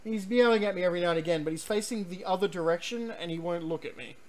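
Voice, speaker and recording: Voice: mid-range voice, fast talker. A game streamer giving rambling, chatty let's-play commentary, full of ums and restarts, sometimes reading on-screen text aloud.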